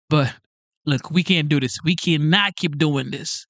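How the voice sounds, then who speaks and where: A man reacts to a clip in a loose, excitable commentary style, breaking into exclamations as he talks. His voice sits a little high. The sound is dry and close to the mic. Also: a little slow, no room sound.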